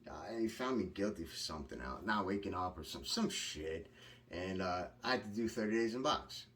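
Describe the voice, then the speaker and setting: Blunt, cursing New man, low voice. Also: expressive, brisk, a bit bright, recorded from a distance. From Long Island, New York. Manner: blunt, profane, rambling with restarts. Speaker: vlogger recounting prison experiences. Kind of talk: casual storytelling monologue.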